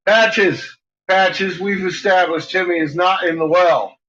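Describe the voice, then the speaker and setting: A man's voice: high-pitched, fairly even intonation, unhurried. A man filming his dogs at home, playfully cooing at and teasing them in casual talk. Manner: playful, coos and teases the dogs. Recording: dull lo-fi home video with loud noise.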